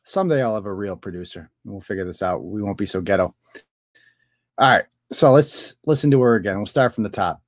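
A man's voice: on the low side, expressive, brisk, no room sound, studio quality. A man hosting a casual commentary stream, sarcastic and mocking, often laughing. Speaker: show host. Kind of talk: casual commentary over clips. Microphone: computer mic.

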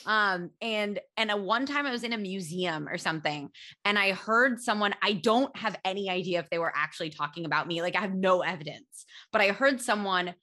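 A woman's voice: medium pitch, a little fast, bright, forceful tone. An American woman co-hosting a podcast, chatty and self-mocking as she tells a story. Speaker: podcast co-host. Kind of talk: casual podcast chat.

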